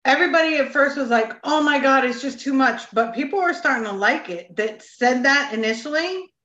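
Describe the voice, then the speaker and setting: A woman hosting a casual chat, laid-back and quick to laugh. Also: high-pitched, lively intonation, a bit bright. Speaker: host. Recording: echoey room, dull lo-fi.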